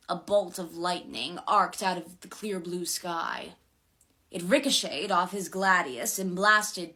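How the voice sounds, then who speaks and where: Woman reader for a dramatic novel excerpt, lower voice, lively and unhurried. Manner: expressive, dramatic. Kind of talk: dramatic book reading.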